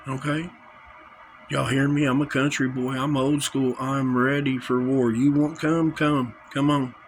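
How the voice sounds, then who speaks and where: A man's voice: medium pitch, vocal fry, fairly bright tone, a little hiss or hum, poor audio. A man delivering an angry, confrontational vlog rant, full of threats and repetition. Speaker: vlogger. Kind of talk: angry direct-to-camera rant.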